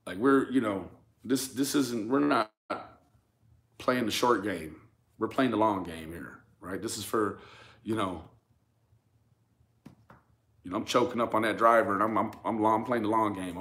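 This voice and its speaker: A man's voice: lowish voice, normal speed, long pauses, a bit bright. Emphatic man ranting to his viewers. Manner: emphatic, stammers and repeats words, addresses viewers and critics directly. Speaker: YouTube true crime commentator. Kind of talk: casual commentary rant to camera.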